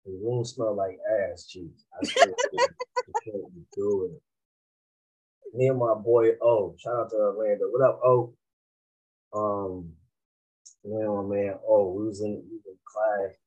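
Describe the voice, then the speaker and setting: A man from Massachusetts, a rapper, tells laid-back, slangy stories in a casual interview. His voice is husky and slow, with a lively rise and fall in pitch. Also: muffled recording. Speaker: rapper guest.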